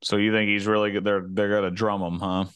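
An easygoing man co-hosting a podcast who laughs often and repeats his lines. His voice is smooth and clear, recorded close and dry. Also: lowish voice, flat delivery, fast talker, fairly bright tone, no room sound. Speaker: podcast co-host. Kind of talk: casual sports chat.

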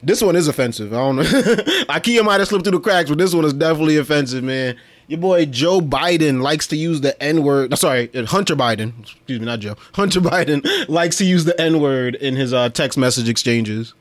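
Man co-host, slightly raised pitch, quick to laugh, easy slangy questions. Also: expressive. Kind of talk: casual chat.

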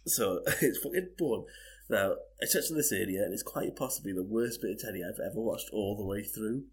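A man's voice: fairly low pitch, a little fast, slight background noise. A man co-hosting a podcast, chatting casually with frequent laughs and hesitant fillers. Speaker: podcast co-host. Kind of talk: casual chat.

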